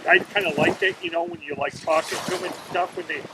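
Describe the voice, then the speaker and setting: A man's voice: a little high, fairly even intonation, quick pace, noisy background. A man chatting casually into his laptop on a lakeshore beach, rambling through a story and his day. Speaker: vlogger. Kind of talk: casual outdoor video diary. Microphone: laptop webcam.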